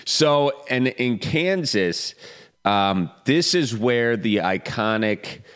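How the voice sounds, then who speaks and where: A man's voice: medium pitch, animated, slow, a bit bright, smooth. A man hosting a casual interview, asking questions and giving brief encouraging replies. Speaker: interviewer, host.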